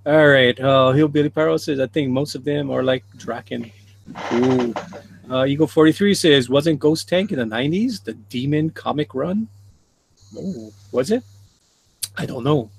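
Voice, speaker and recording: A man's voice: mid-range voice, normal speed, creaky, slight background noise. A man hosting a casual livestream, reading viewer comments aloud and chuckling often. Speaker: livestream host reading chat.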